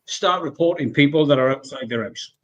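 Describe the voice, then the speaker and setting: A British man telling animated, sweary stories in casual chat over a video call, acting out the people he quotes. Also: a little high, fairly quick, muffled recording.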